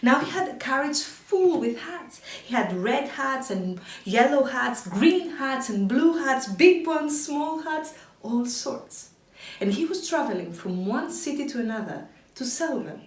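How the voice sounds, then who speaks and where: A woman telling a children's story in an animated, expressive way. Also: sits high, unhurried. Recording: echoey room, distant mic.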